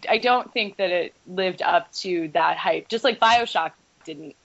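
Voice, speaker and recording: Animated woman games writer, lo-fi audio. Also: lowish voice, measured pace, vocal fry. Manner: animated, frequent restarts and "like". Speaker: podcast panelist, games writer. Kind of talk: casual roundtable discussion. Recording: dull lo-fi podcast audio.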